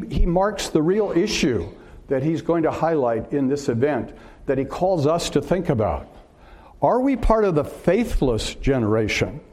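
Man, preacher, sermon, earnest, rhetorical, frequent uhs, mid pitch. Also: mellow.

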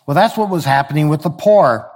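Male pastor, sermon delivery, relaxed conversational teaching voice, a touch high. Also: brisk. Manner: conversational, explains with everyday examples and reads scripture aloud.

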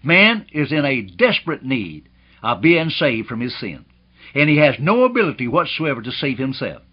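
A man's voice: medium pitch, sing-song, normal speed, slightly rough. A man preaching a sermon in an emphatic, rhetorical way, often calling his listeners beloved. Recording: dull lo-fi old recording.

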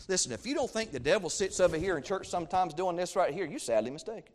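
A man preaching a sermon, fervent and repetitive, swinging from low asides to loud emphatic peaks. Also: animated, fast talker, hardly any pauses. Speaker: pastor.

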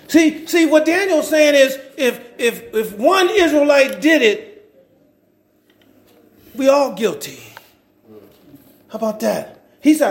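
A man's voice: sits high, vocal fry. A man preaching a sermon, repeating words and restarting phrases, with frequent asides checking in with the congregation. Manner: repetitive, stumbling restarts, call-and-response asides to the congregation.

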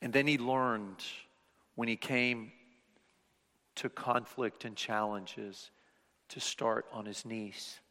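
A man preaching a sermon as pastor, swinging between loud, emphatic passages and hushed whispers. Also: lowish voice. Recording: reverberant hall.

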